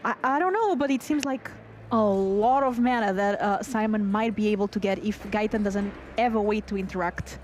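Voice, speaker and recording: A woman's voice: medium pitch, moderate pace. A woman co-commentating a card game match in a chatty, playful way, narrating the plays. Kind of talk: live esports commentary. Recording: faint background noise.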